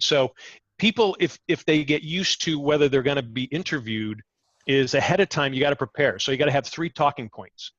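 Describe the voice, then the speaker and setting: Middle-aged man, ex-TV reporter, energetic guest who stumbles into sentences; dull, dry call audio. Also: medium pitch, brisk, no room sound. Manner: energetic, repeats words when starting sentences. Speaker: interview guest, former TV reporter. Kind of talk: conversational advice.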